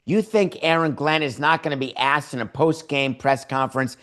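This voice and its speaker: A man's voice: on the high side, steady tone, normal speed, a bit bright. A man hosting a sports podcast, giving sarcastic opinions full of rhetorical questions and acted-out imagined dialogues.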